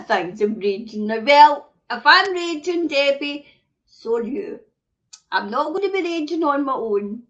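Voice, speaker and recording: In a casual stream rant, a Scottish woman with a slightly high, animated voice talks a little slowly. She's angry and sweary and reads viewer comments out loud, and the stream audio is dull and lo-fi.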